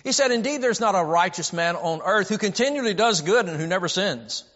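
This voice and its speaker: A man's voice: sits high, animated, fairly quick, a bit bright. A man preaching a sermon, emphatic and repetitive, often stammering as he restarts a phrase. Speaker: preacher and Bible teacher. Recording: dull audio with long hall reverb.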